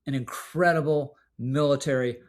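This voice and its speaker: A man giving scripted political video commentary, measured and emphatic, slowing down to stress key words. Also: mid-range voice, fairly even intonation.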